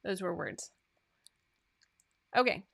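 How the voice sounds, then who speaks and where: Casual woman host, bright voice, chatty asides between giveaway announcements. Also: mid-range voice, lively intonation, slow, vocal fry. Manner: chatty, asides and fillers between list items. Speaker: host of a sewing pattern livestream. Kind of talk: casual livestream chat reading out giveaway winners.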